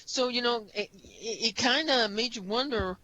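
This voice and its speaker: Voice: medium pitch, normal speed, pushed and bright, no room sound, dull audio. A podcast co-host talking casually about history, rambling with many restarts and "you know"s.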